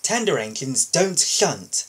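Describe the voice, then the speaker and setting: A man's voice: on the high side, wildly swooping pitch, measured pace, slightly rough, full character voice. A man reading a storybook and voicing a proud, sulky male steam engine in a huffy tone. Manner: huffy and sulking.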